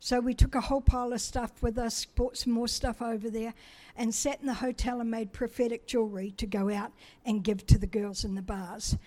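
A woman's voice: fairly high pitch, fairly even intonation, fairly quick, hardly any pauses, darkish tone. A middle-aged woman from New Zealand telling a personal testimony in a chatty, self-deprecating way, acting out the dialogue as she goes.

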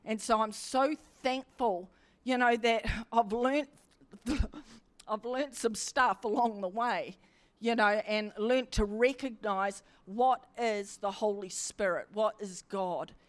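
A middle-aged woman preaches with fervent emphasis and circles back on her own phrases. Her voice sits a little higher than most women's. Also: slow pace. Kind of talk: sermon.

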